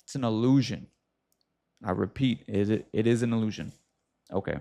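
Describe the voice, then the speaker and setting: Gravelly man giving casual advice. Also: fairly low pitch. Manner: animated, talks straight to viewer with quick asides. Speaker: host.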